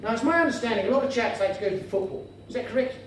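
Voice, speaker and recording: A man's voice: very high-pitched, animated, rapid-fire, recorded from a distance. A man doing stand-up comedy in a pompous, mock-formal, dandyish manner, in a comedy venue before a live audience. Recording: echoey room heard from afar, noisy.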